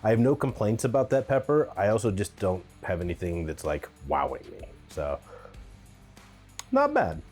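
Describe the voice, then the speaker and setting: A man's voice: sits low, brisk, few pauses, mellow, soft background music. A man giving a casual, candid pepper tasting review, thinking aloud with the odd um.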